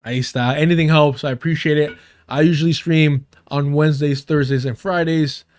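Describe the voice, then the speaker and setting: A man's voice: a little high, fairly even intonation, fairly quick. A young man hosting a live stream, ranting with heavy profanity and scorn. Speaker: livestream host.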